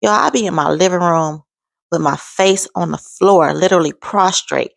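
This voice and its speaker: A woman's voice: lowish voice, normal speed, creaky, no room sound. A woman in her forties sharing an emphatic, heartfelt faith testimony in a vlog. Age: 40s. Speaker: vlogger.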